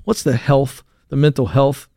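A man's voice: mid-range voice, fairly even intonation, measured pace, creaky, warm tone, no echo, clean studio sound. A man co-hosting a call-in radio show, talking casually with fillers and restarts as he reads from a list. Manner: conversational, frequent fillers and restarts.

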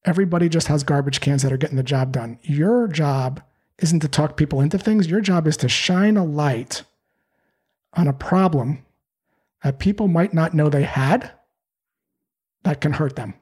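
A man with a fairly high, husky voice talks through sales advice. He is animated and slips into playful voices when he acts out calls. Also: moderate pace. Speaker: sales trainer. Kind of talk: podcast interview answers.

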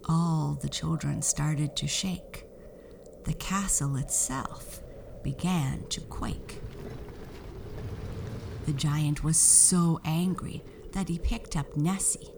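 A woman with a low voice reads a children's storybook aloud, slowly and expressively. A faint hiss sits under the recording. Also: creaky.

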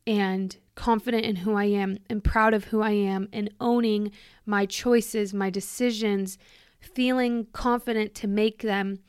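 Smooth and mid-range, this young woman's voice comes through with clean studio sound and a dry recording. As host of her own podcast, she talks in a casual, reflective, emotional way, leaning on lots of "like" fillers.

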